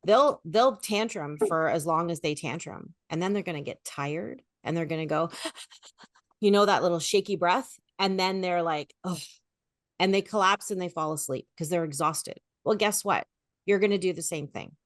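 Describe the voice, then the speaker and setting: Woman coach talking grief, expressive and animated, pretty low voice, dry. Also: normal speed, dry recording. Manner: animated, expressive, lively storytelling. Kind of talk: conversational podcast advice.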